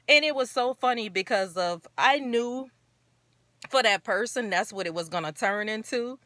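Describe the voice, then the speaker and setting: A woman's voice: fairly high pitch, measured pace, bright, forceful tone, no echo. A woman hosting her own talk show, speaking earnestly and encouragingly in a rambling, casual way. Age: adult parent. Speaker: show host.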